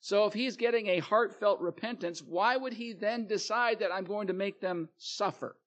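A man's voice: sits high, normal speed, a bit bright. A male preacher reading scripture aloud and explaining it in a plain sermon, with fillers and restarts.

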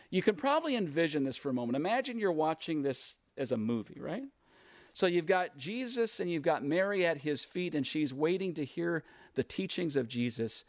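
A man's voice: on the high side, no echo, clean studio sound. A man preaching a sermon, walking through a Bible passage in a conversational, repetitive teaching manner.

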